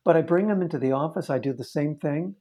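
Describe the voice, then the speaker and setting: A fast-talking man with a slightly high, warm voice. He works as a therapist and is describing a case in conversation, earnest and vivid in the telling, with many restarted sentences.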